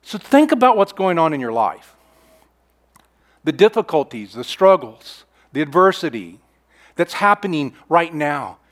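High-voiced earnest man preaching. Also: big pitch swings, measured pace. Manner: earnest preaching, rising to emphatic declarations and dropping to hushed confessions; repeats phrases and restarts mid-sentence. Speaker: pastor. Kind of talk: sermon.

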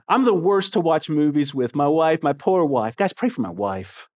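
A man preaching a sermon in an animated, expressive way, swinging between excited bursts and quiet, hushed passages. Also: fairly high pitch, normal speed, hardly any pauses. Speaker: pastor.

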